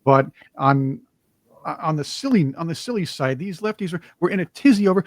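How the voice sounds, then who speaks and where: Guy cohosting a political chat show, kinda high voice, sarcastic and mocking, dry close mic. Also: expressive, normal speed, no echo. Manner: mocking, puts on whiny voices to imitate opponents. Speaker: podcast co-host. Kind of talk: casual political commentary.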